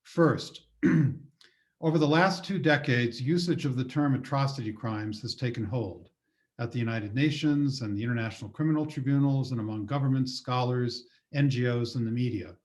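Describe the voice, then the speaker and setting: An older man delivering a formal prepared lecture in a measured, deliberate way, building long lists of points. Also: mid-range voice, a little mellow. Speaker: guest lecturer.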